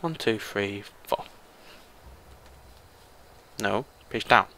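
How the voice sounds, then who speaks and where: Man, British accent, let's play host, casual rambling commentary, bright tone. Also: lowish voice, drawn-out words. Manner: rambling, self-mocking, easily excited.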